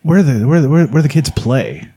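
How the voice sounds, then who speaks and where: A man's voice: medium pitch, big pitch swings, normal speed, mellow, breathy edge. A man in casual chat who chimes in with blunt, dry remarks.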